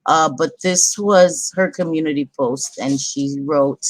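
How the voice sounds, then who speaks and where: A woman's voice: low-pitched, unhurried, no room sound. A woman hosting a casual livestream, chatty and apologetic, often breaking off to apologize to her viewers. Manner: chatty, apologetic, easily interrupted. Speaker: livestream host. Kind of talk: casual live commentary.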